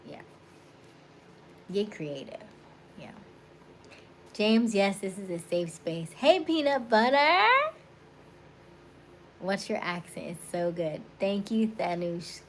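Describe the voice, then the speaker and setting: A woman's voice: lowish voice, steady tone, measured pace, darkish tone, slight background noise. A woman in her thirties from Florida, with a Florida accent, chatting casually on a livestream, laughing often and greeting viewers by name. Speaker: livestream host. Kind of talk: casual livestream chat reading viewer comments.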